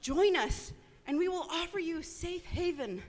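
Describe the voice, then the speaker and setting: A woman volunteering at a voice acting workshop, reading a script in a slow, measured way. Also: very high-pitched, animated. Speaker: audience volunteer. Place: convention panel room. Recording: echoey convention hall.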